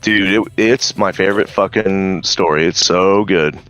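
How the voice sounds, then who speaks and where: A man's voice: low voice, fairly even intonation, unhurried, fairly bright tone, clean tone, soft background music. A man casually retelling a story, hesitant with many ums and some swearing. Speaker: streamer.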